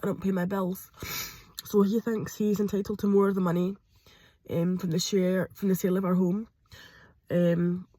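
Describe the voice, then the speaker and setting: A woman talking hesitantly to camera from a parked car, pausing often with ums. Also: mid-range voice, flat delivery, mellow, no echo. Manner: hesitant, with frequent ums and pauses. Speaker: vlogger. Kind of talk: personal confessional vlog.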